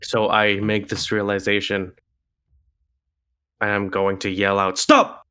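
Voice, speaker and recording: Bright-voiced man playing a tabletop game. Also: fairly low pitch, monotone, smooth. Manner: casual, quick in-game calls. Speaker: player. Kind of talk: casual play at a tabletop game.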